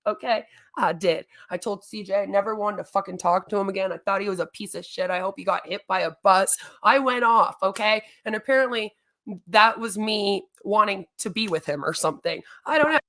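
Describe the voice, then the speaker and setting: A woman's voice: medium pitch, fairly quick, fairly bright tone. A woman streamer ranting in a long, rambling monologue, exasperated and swearing often.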